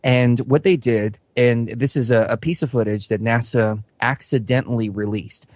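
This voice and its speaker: A man's voice: medium pitch, fairly even intonation, moderate pace, darkish tone, no room sound. Earnest, rambling male radio guest. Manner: earnest, rambling, many fillers and restarts. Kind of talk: casual explanatory talk.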